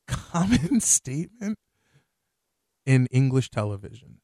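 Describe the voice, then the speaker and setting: A man's voice: mid-range voice, big pitch swings, slow, warm tone, no echo. A man on a casual podcast, joking and swearing as he rambles, a bit tipsy from beer. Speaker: podcast cohost. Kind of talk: casual chat.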